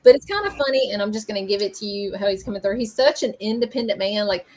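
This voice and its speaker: A woman's voice: medium pitch, lively intonation, fast, low-quality recording. A woman hosting a live-streamed psychic reading, rambling and hesitant with many fillers. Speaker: psychic medium host. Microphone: streaming mic.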